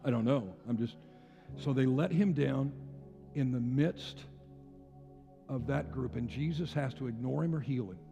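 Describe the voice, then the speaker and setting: A man's voice: mid-range voice, a little slow, creaky, long pauses, highs cut off. Older male pastor preaching in a reverberant hall. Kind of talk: sermon. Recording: long hall reverb with faint music.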